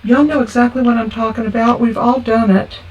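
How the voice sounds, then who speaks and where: A woman with a voice on the high side, steady and brisk with a darkish tone, walks through each step of a casual card-making tutorial in a chatty, homey way. The audio is dull, recorded from a distance with faint background noise.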